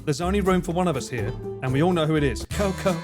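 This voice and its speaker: Streaming a game live, a man in his forties speaks very fast in a slightly high voice with an Essex accent. He keeps swearing, joking and laughing over the game music.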